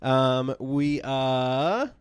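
A man's voice: mid-range voice, extremely slow, clean tone. A man co-hosting a podcast, chatting casually with dry humour and steering the show along. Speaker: podcast co-host. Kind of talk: casual chat.

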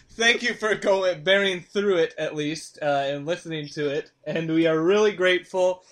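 Podcast host, man, high bright voice, easygoing, laughs often. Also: a little slow. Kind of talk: casual podcast chat.

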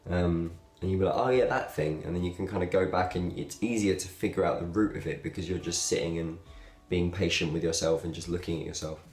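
Low-voiced young man, rambling. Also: fast talker, few pauses. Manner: relaxed, rambling, with fillers and laughs. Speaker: video blogger. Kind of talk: casual talk to camera. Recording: echoey room.

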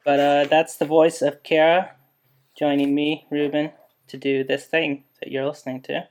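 A man's voice: fairly high pitch, level tone, normal speed. A man hosting a podcast, introducing the show and teasing his co-host with dry humor. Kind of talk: casual chat.

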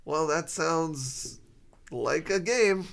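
A man's voice: fairly high pitch, lively intonation, drawn-out words, gravelly, a bit bright. Podcast guy with a bouncy voice that goes all over, dry jokes. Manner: wry, jokey interjections. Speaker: podcast co-host. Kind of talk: casual chat.

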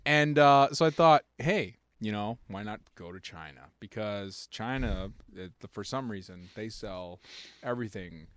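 A man's voice: lowish voice, lively intonation, unhurried, fairly bright tone, clean tone, dry recording. A man co-hosting a podcast in a loose, joking chat and laughing often. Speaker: podcast co-host. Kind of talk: casual chat.

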